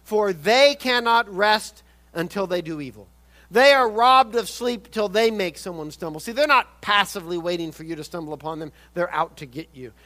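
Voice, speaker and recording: A man preaching a sermon, swinging from loud urgent emphasis to quiet intensity and often repeating words. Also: high-pitched, normal speed. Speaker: pastor.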